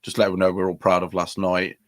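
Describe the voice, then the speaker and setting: A man's voice: low voice, completely flat delivery, fast talker, no echo. A young man hosting a casual football chat with mates, matey and chatty. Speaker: podcast host.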